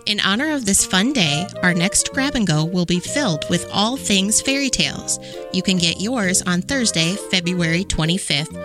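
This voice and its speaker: A woman youth services librarian giving cheerful library announcements. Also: mid-range voice. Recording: music bed behind voice.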